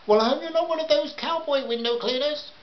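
Snappy, demanding middle-aged lady, put on by a male reader: high, shrill, curt, on a dull lo-fi recording with hiss. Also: a little fast. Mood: snappish. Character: sharp-tongued fussy middle-aged woman customer.

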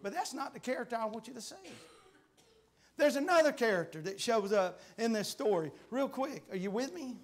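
A man preaching a sermon in a church with a high-pitched voice. He reads scripture in old-fashioned wording and builds fervently as he pleads. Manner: fervent, rising to shouts when pleading; reads scripture aloud in King James wording. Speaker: guest preacher. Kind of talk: revival preaching. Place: church sanctuary.

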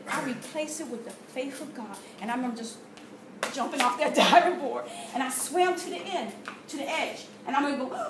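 A woman giving a lively church testimony, telling her story with gasps and quoted prayers. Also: high voice. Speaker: testimony speaker. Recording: echoey room from far off with noise.

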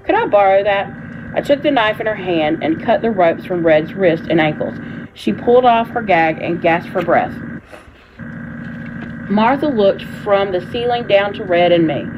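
A woman teacher reading a children's novel aloud at a steady pace, with small slips. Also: mid-range voice, a little slow. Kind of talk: storybook read-aloud narration. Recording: dull recording with loud air conditioner hum. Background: air conditioner hum.

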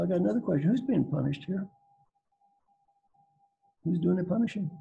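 Older male guest speaker from Kentucky, gravelly and raspy, dark tone, playful folksy delivery, video call. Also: high voice, lo-fi sound. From Kentucky, United States. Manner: playful, teasing, repeats phrases for effect. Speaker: guest speaker, executive coach. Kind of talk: folksy storytelling talk.

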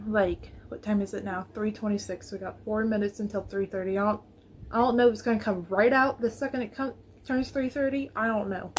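A woman's voice: mid-range voice, a little fast, slight background noise. A woman vlogger chatting to viewers in a casual reaction video, nervous and rambling, recorded on her phone.

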